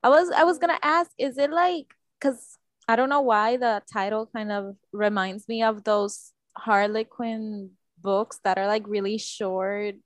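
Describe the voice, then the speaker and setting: A woman's voice: mid-range voice, steady tone, unhurried, no echo. A woman podcast co-host in casual chat, reacting and asking questions with enthusiasm.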